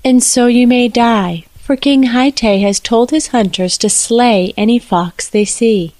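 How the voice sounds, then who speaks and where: Woman voicing a sorrowful fox spirit maiden, storybook, soft and solemn. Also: on the high side, slow, dry recording.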